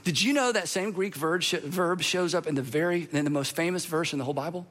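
A man's voice: on the high side, fast, a bit bright. A male pastor preaching a sermon in a conversational, playful way, with asides to the congregation.

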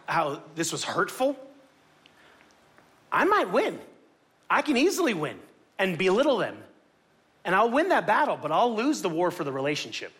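Male pastor from Miami, high-pitched, animated storytelling sermon delivery.

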